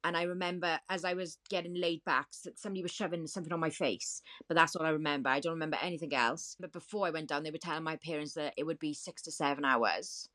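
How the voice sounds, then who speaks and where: Female guest, low register; vivid, repetitive first-person storytelling. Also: steady tone, fast, few pauses, bright, forceful tone. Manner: vivid, repetitive retelling with quoted dialogue. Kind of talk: personal storytelling in a podcast interview.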